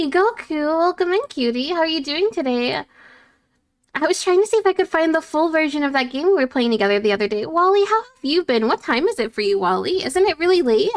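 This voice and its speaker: A woman VTuber streamer chatting casually and reading her chat aloud in a bubbly, playful way. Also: high voice.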